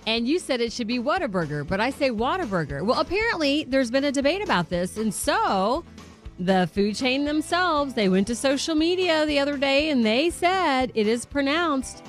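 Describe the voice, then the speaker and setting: A woman co-hosting a radio morning show, upbeat and laughing, explaining things clearly. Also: sits high, animated, normal speed, faint music behind. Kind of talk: casual radio banter.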